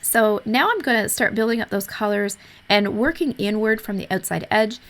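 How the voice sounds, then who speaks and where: Slightly hoarse woman explaining calmly. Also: medium pitch, moderate pace. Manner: easygoing, explanatory, with frequent fillers. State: losing her voice. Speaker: art tutorial host. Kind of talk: voice-over narration of a coloring tutorial.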